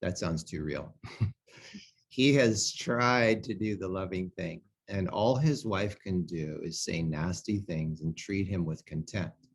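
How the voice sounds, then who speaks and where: A middle-aged man co-hosting a relationship talk, telling a story in an animated way and laughing often. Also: sits low, slow pace, slightly rough. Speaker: co-host and presenter.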